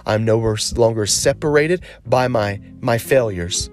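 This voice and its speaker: A man preaching a sermon as a pastor, earnest and encouraging, slowing down to stress key phrases. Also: mid-range voice, soft background music.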